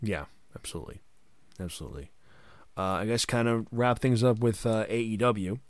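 A man co-hosting a casual wrestling podcast from home, animated and laughing often as he retells moments. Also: on the low side, moderate pace, no room sound, clean studio sound. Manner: animated, laughs often, acts out quotes loudly. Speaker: podcast co-host. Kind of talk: casual chat. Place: home during quarantine.

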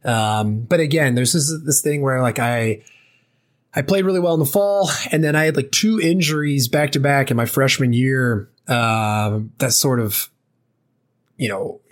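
A man in his late twenties, a former ballplayer, telling his story casually as an interview guest, loose and chatty with many fillers. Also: mid-range voice. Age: late 20s.

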